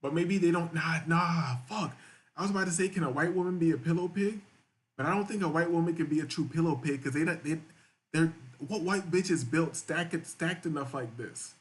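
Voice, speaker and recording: A man's voice: a little high, fairly quick. A man hosting a live-stream show, reading viewer chats aloud and reacting in crude, rambling, repetitive casual talk.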